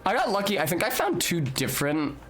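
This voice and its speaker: A woman's voice: lowish voice, big pitch swings, slight background noise. A young woman streaming a video game, chatting casually with her audience, joking and swearing freely. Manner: joking, swears freely, quick asides to chat. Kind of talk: casual gameplay commentary.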